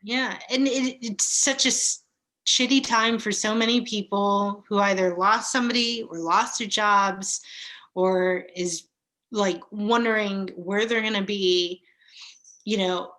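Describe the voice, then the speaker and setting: A woman in her thirties talking slowly and reflectively in a casual, heartfelt chat, pausing and laughing softly. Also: mid-range voice, steady tone. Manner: slow, reflective, with soft laughs and pauses. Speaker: guest.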